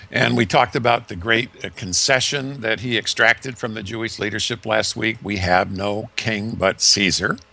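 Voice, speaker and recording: A male preacher tells a story from the pulpit with vivid, dramatic emphasis, leaning into key words. His voice sits low and gravelly yet comes across bright and forward. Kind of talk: storytelling sermon.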